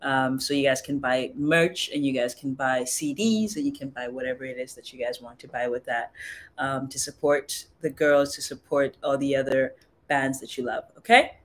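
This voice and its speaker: With a very deep voice at a moderate pace, this young woman from Southern Africa runs a casual livestream. She talks with viewers, reads their comments out loud, and tries out phrases from other languages.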